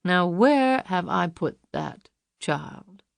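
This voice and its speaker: A woman reading an audiobook, voicing a male kidnapper villain who talks slowly and pleasantly with mocking menace. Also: lowish voice, lively intonation, vocal fry, dry recording, studio quality, exaggerated voice. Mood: taunting. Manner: pleasant, slow, taunting menace.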